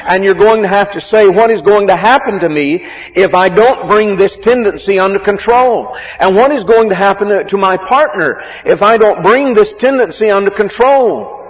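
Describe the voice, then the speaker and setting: A man preaching a sermon on marriage, slow and emphatic, drawing out words for stress. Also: sits high. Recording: muffled, with a long hall echo.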